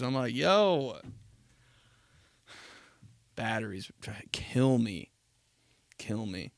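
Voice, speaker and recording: A young man with a gravelly, creaky voice talks loosely through his own podcast. He rambles, swears and cracks himself up along the way. The sound is close and dry. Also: mid-range voice, a bit bright, no room sound. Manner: rambling, laughing, profane storytelling. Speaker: podcast host. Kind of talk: casual solo podcast monologue.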